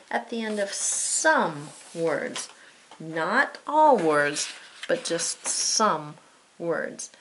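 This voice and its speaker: Slow gravelly woman teaching spelling. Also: fairly low pitch, fairly bright tone. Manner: playful, drawn-out, teasing asides. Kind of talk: spelling lesson for children.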